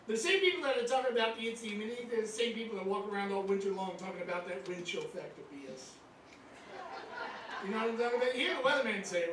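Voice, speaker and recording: A man's voice: high-pitched, fast talker, fairly bright tone, slight background noise. A man in his fifties doing a stand-up comedy set, teasing the crowd in a conversational way. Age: 50s. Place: cruise ship show lounge. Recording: echoey room mic, caught from far off. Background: audience laughter.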